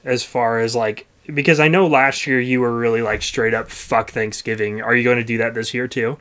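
A man's voice: mid-range voice, steady tone, fairly quick, a bit bright. A man co-hosting a podcast in casual chat, talking loosely with plenty of filler words. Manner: chatty, uses many fillers. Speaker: podcast co-host.

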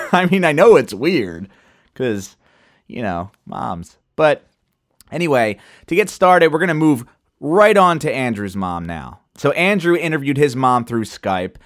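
Male podcast host, lively up-and-down delivery, loose and chatty with a bit of profanity, dry close sound, mid pitch. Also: dry recording. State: sipping wine while talking. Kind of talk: casual chat.

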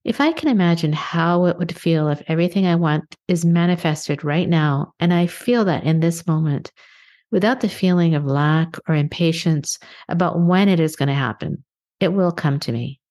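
A middle-aged woman from Canada hosting a podcast, speaking in an earnest, measured way and slowing down for emphasis. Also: fairly low pitch, darkish tone. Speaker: podcast host. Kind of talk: reflective motivational monologue.

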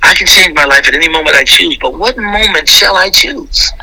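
Bright-voiced preaching man. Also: on the high side, expressive, a little fast, gravelly, husky, low-quality recording. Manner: preachy and exuberant, bursts of speed. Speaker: guest, comedian. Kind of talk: animated interview testimony.

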